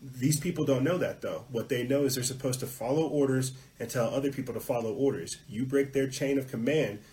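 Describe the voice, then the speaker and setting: Male podcast host, heated rant, mid-pitched voice, muttered asides and loud hammering emphasis. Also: fairly quick, poor audio. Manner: profane at peaks.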